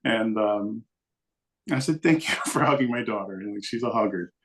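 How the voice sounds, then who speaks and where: A man's voice: on the low side, moderate pace. Rambling middle-aged man telling a story. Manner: rambling, self-deprecating, animated when quoting. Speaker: podcast guest. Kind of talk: casual storytelling.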